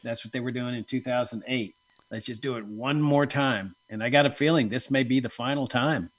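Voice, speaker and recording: A man's voice: mid-range voice, fairly quick. A male guest in a political talk interview, speaking bluntly and emphatically.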